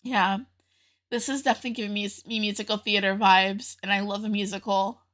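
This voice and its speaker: A woman's voice: mid-range voice, little pitch movement, a little fast, fairly bright tone. A young woman hosting a casual music reaction video, chatty and openly emotional, often laughing as she talks.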